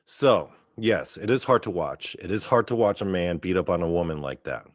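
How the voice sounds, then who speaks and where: A man hosting a show, giving casual, profane, excitable commentary as he watches a clip. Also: deep voice, normal speed, no room sound. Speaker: podcast host.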